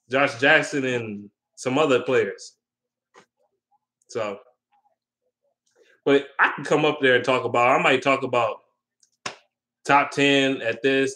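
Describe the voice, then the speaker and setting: A man's voice: mid-range voice, sharp tone. A young man talking casually about sports in a rambling, opinionated way, with slang and lots of ums. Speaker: sports vlogger.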